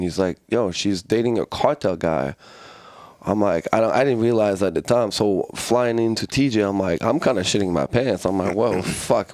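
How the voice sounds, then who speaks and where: A man's voice: on the low side, no echo. Profane French man telling stories. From France. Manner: profane, animated storytelling. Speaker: guest, fighter. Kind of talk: casual storytelling.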